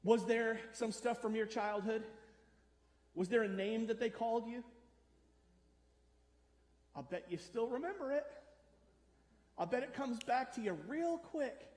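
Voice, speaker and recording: A pastor with a very high voice and a darkish tone preaches slowly, leaving long pauses. He speaks conversationally and questions the congregation, recorded in an echoey church hall.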